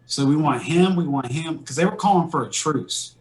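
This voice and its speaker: A man's voice: on the high side, normal speed, poor audio. A man in his thirties, an army veteran, telling war stories in a blunt, rambling, heavily profane way. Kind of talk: casual war storytelling.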